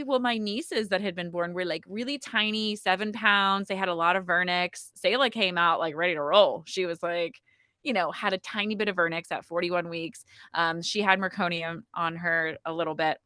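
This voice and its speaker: A woman telling a personal story in a casual podcast conversation, chatty and animated, with plenty of "like" and "um". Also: on the low side, moderate pace, clear, resonant tone, no room sound, studio quality. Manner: chatty, frequent "like" and "um" fillers, animated retelling. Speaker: podcast guest telling her birth story.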